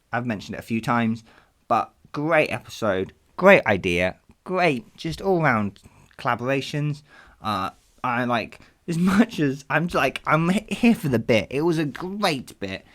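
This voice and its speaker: A man hosts his own podcast in a casual chat, poking fun at himself and laughing at his own mistakes. His pitch swings widely from low to high as he talks, sitting at a middle height overall. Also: normal speed. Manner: animated and self-deprecating, laughing at himself. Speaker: podcast host.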